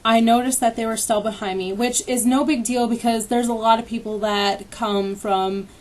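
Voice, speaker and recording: A woman's voice: on the high side, steady tone, normal speed, darkish tone. A young woman casually retelling a personal story as a vlogger, candid and swearing freely, with lots of fillers. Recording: voice a bit distant from the mic.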